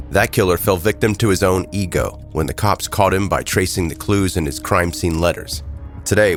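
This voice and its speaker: Low-voiced guy with a head cold, narrating true crime with dry jokes, faint music behind. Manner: wry, joking asides. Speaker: podcast host.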